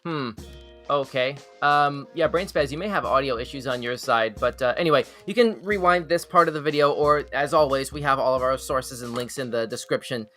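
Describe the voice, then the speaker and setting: A man hosting a live weird news reaction show, excitable and laughing, with stumbling restarts. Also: mid-range voice, brisk, soft background music. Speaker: show host.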